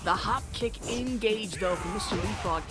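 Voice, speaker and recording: A young woman commentating a fighting game match, excitable and playful, joking and laughing between calls. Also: medium pitch, moderate pace. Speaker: esports commentator. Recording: loud music bed behind.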